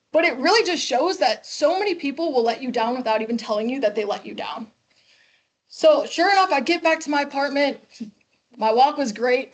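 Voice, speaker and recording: A woman in her twenties from Chicago, a guest speaker telling a class her story, lively and acting out the people she quotes. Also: sits high. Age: 20s. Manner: lively, acts out quoted dialogue.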